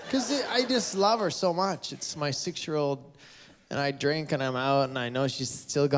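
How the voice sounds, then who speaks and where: A man's voice: mid-range voice, normal speed. A man doing stand-up comedy on a theatre stage, teasing audience members in a playful way. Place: casino resort theatre stage. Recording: live show with crowd and background noise. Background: audience laughter.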